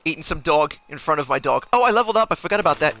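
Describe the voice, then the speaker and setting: Manic high-voiced young man streamer. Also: expressive, racing, pushed and bright. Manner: manic, rambling, self-mocking. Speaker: gaming streamer. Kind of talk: in-character let's play commentary.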